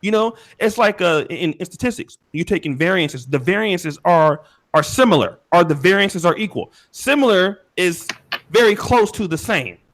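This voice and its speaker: A man with a high, very lively voice, arguing a point in casual debate. He stops and restarts often, repeating words as he works out what he means. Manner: halting, repeats words while building an argument. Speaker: podcast co-host.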